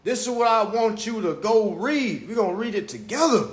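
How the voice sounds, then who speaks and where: A man's voice: high-pitched, big pitch swings, normal speed. A man hosting a livestream on his phone, lecturing in a profane, mocking way and repeating himself. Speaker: livestream host. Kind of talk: casual livestream rant.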